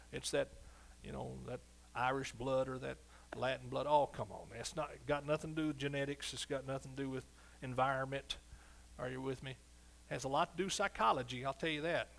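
A man's voice: medium pitch, fairly bright tone. A man preaching a sermon emphatically, often asking the congregation for response. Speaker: pastor.

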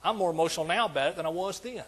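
Husky-voiced older male pastor preaching. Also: sits high, racing, a bit bright. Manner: emphatic, repetitive preaching cadence. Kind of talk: sermon.

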